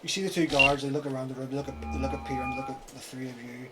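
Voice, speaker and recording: Calm male game master. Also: medium pitch, rapid-fire, very noisy. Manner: calm descriptive narration. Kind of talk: narrating a tabletop game.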